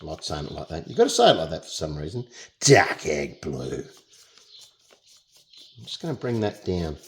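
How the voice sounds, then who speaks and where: Australian man, low voice, casual painting tutor, jokey, chats while working. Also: very animated, rapid-fire, creaky, slight background noise.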